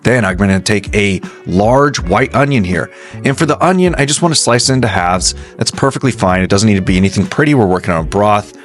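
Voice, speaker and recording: A man's voice: fairly low pitch, animated, fairly quick, soft background music. A man hosting a home cooking video, chatty and reassuring as he talks the viewer through each step. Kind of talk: casual cooking tutorial narration.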